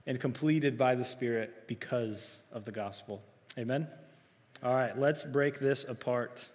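A man preaching a sermon, self-described as soft-spoken and trying to project, who keeps asking the congregation questions and gives loud, emphatic readings of quoted lines. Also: medium pitch, measured pace, long reverb tail. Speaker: pastor. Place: church sanctuary.

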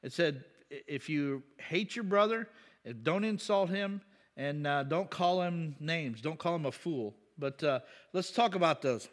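A man preaching a conversational sermon, asking the congregation questions and breaking into loud, emphatic bursts. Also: a little high, lively intonation, a little slow. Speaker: pastor.

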